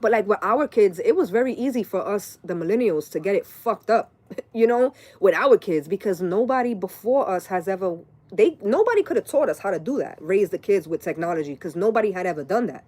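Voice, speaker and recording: A woman's voice: medium pitch, animated, fairly quick, a little mellow. A woman in her late thirties, a tarot reader ranting casually and profanely on a live stream, wandering from story to story. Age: late 30s.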